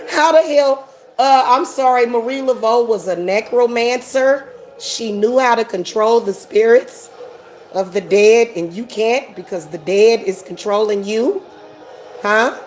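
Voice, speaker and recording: A woman's voice: mid-range voice, a little mellow, slight background noise. A woman hosting a casual livestream rant, sassy and mocking, laughing often. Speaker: host.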